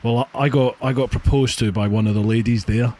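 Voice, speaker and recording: A man with a Scottish accent hosting a podcast, telling stories in a relaxed, chatty way. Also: medium pitch, fairly quick, a little hiss or hum. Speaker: podcast host. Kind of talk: casual chat.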